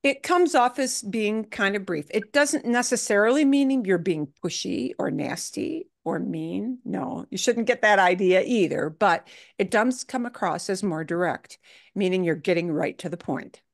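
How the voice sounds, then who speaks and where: A woman teaching a beginner Spanish class, explaining grammar in a chatty, lively way. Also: medium pitch, measured pace, gravelly, dry recording, studio quality. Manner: chatty, animated, acts out examples in funny voices. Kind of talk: online language class, explaining.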